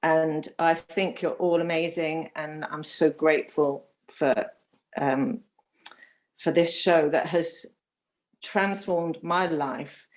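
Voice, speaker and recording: Female caller from London, slow and halting, near tears. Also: sits low, steady tone. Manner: emotional, hesitant, many restarts. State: close to tears. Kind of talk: phone-in call.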